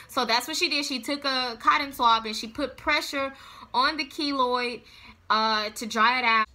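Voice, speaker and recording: A young adult woman telling a story to camera in a casual vlog, with dramatic, animated delivery. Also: high voice, normal speed. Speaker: vlogger.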